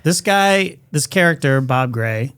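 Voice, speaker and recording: A man's voice: fairly high pitch, animated, a bit bright, clear, resonant tone. Wry, sarcastic man co-host. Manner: wry, sarcastic, drawn-out emphasis. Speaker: podcast co-host. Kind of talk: casual review chat.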